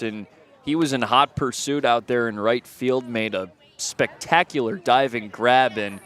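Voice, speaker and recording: A man's voice: mid-range voice, a bit bright. A man giving color commentary on a radio baseball broadcast, breaking down swings and plays. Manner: analytical, explains plays after they happen.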